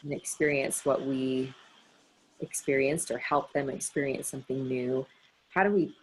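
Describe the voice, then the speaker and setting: A woman's voice: very deep voice, steady tone, normal speed, slight background noise, poor audio. A woman storyteller in casual conversation, asking thoughtful questions.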